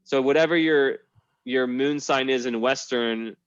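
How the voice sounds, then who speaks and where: A man's voice: medium pitch, a little slow, clean tone, dry recording, lo-fi sound. A man hosting a casual group video chat, rambling with many fillers and restarts. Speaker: host.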